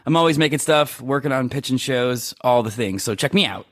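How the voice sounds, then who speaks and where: A man guesting on a podcast, talking in an upbeat, jokey way with quick laughs. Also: mid-range voice, a bit bright. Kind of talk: casual conversational interview.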